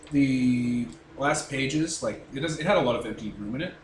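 A man narrates a tabletop game as game master. He rambles through his explanations with frequent fillers. His mid-pitched voice carries room echo, with background noise behind it. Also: moderate pace. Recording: roomy echo, noisy background.

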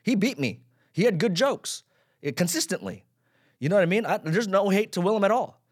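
A man in his thirties hosts his own podcast, delivering a casual solo rant about himself that's self-deprecating, sweary, and rambling. His husky voice sits high, swings widely in pitch, and runs a little fast.

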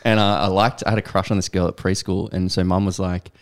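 A man's voice: deep voice, little pitch movement, fast, clean tone. A young man on a podcast, casually telling a childhood anecdote and laughing along. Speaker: podcast co-host. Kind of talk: casual chat.

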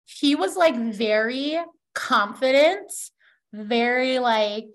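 A young woman with a slightly high voice recaps a book on a casual podcast. She tells the story with a lot of energy, acts out the characters' lines and fills her talk with "like". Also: animated, slow. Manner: heavy use of "like" as a filler. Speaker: book club podcast host. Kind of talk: casual chat retelling a novel's plot.

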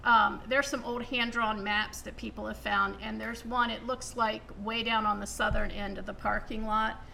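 A woman's voice: on the high side, moderate pace, gravelly, a little hiss or hum. A woman researcher explaining local history steadily, with frequent ums. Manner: steady, informative, many fillers.

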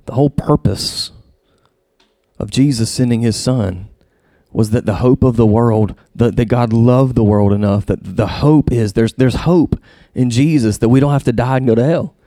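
A pastor reads scripture aloud in a sermon, repeating himself while he hunts for words. He speaks at normal speed, but when stirred his passionate voice climbs high and loud. The sound is studio quality with no room sound.

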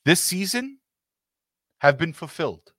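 Male podcast host, heated ranter, swears a lot, higher pitch. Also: very animated, measured pace, a bit bright, breathy edge, dry recording, studio quality. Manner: passionate, ranting, swears freely. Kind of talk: heated casual football talk.

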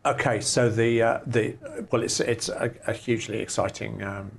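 A man's voice: fairly low pitch, steady tone, moderate pace, creaky. A middle-aged man who directs a research institute, answering interview questions with enthusiastic explanations.

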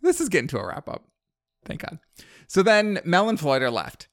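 A man's voice: high-pitched, huge pitch swings, normal speed. A man hosting a podcast who casually recaps a movie in a rambling way, leaning on the word "like" and laughing at his own retelling.

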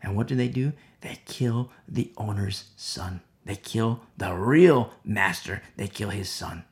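A Bible teacher with a fairly low-pitched voice speaks a little slowly through a conversational, verse-by-verse sermon. He's emphatic, repeats key phrases and sprinkles in lots of "you know" asides.

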